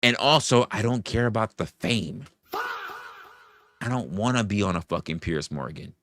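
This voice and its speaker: A man hosting a live-stream commentary, profane and argumentative, hammering his chat with rhetorical questions and calling out donations. His voice is bright and sharp-edged, with pitch that leaps around as he gets worked up. The sound is close and dry, with no room echo. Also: wildly swooping pitch, a little slow. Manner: reads out and thanks viewer donations. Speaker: livestream host.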